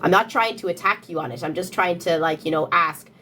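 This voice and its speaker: A woman's voice: fairly low pitch, fairly quick, bright, forceful tone, slight background noise. A young woman talking to her phone camera, questioning commenters insistently with repeated rhetorical questions. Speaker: content creator answering comments. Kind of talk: casual talk-to-camera rant.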